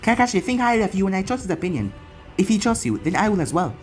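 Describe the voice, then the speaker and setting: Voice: medium pitch, big pitch swings, quick pace, faint music behind, lightly acted. The story's narrator voicing a formal, dutiful male ninja squad captain, reading a fan fiction aloud.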